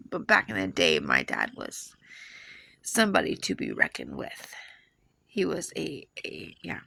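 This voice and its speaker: A woman's voice: low-pitched, creaky, bright, forceful tone. A woman in her forties earnestly recounting a dream in a rambling, emotional way, with lots of fillers. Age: 40s. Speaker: video creator sharing dreams. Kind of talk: personal storytelling.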